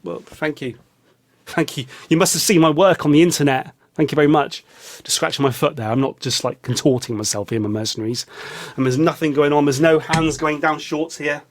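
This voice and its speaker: A man's voice: fairly high pitch, fairly quick. A man from England with a London accent, rambling through a self-mocking comic monologue with big swings of voice, recorded in a small hot studio. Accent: English, London. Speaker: vlogger.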